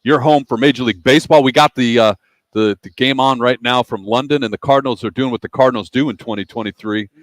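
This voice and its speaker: A male sports radio host talks in a relaxed, upbeat way, reading picks and sponsor plugs without a hitch. His voice sits at an ordinary middle pitch. The sound is dry and close to the mic. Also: fast talker, dry recording. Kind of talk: casual sports talk. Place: broadcasting live from a sportsbook bar.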